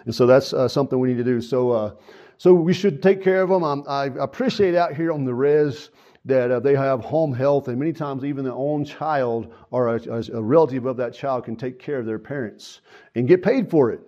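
A man's voice: medium pitch, moderate pace, mellow, lo-fi sound. A man preaching a sermon in church, earnest and folksy, repeating key phrases and stopping to say "uh" and "so.". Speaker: pastor.

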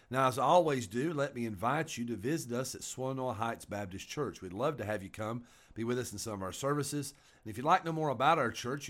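A man's voice: medium pitch, dry recording. A middle-aged man, a pastor giving a radio sermon in an earnest, folksy manner with frequent "uh" fillers.

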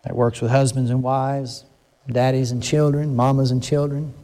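An older man preaching a conversational sermon, earnest and emphatic, slowing down to stress his words. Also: medium pitch, flat delivery, mellow.

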